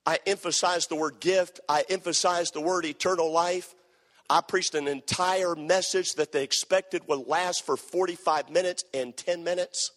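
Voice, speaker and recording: A man preaching, telling a story with animated bursts of shouting and hushed stretches. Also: fairly high pitch, normal speed. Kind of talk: sermon storytelling. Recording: long hall reverb.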